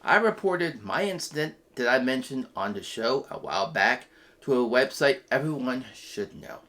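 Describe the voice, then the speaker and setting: A man hosting a weekly web show's news segment, giving earnest, impassioned commentary that swings from quiet to loud outbursts. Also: medium pitch, lively intonation, normal speed. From United States.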